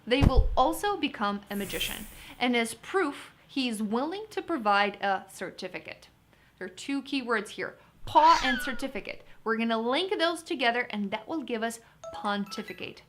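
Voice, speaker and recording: A woman's voice: fairly high pitch, slight background noise. A woman teaching vocabulary in an upbeat, chatty lesson, talking to viewers as guys. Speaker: vocabulary tutor. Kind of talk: lively test-prep lesson.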